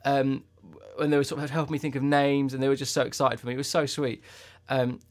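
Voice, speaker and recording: A man's voice: medium pitch, little pitch movement, quick pace. A man co-hosting a podcast, telling a long personal story in casual chat and swearing freely. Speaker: podcast co-host.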